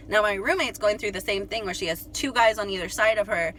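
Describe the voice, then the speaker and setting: A young woman telling a story to her viewers in a chatty, animated way, full of "like" and "you guys". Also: medium pitch, a little fast, few pauses, slight background noise. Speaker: astrology channel host.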